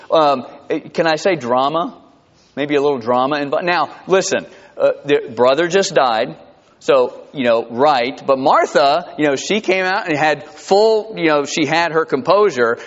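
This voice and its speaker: A man preaching a sermon in a church, conversational and animated, with asides and chuckles. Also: fairly high pitch, long reverb tail, highs cut off. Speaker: pastor. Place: church sanctuary.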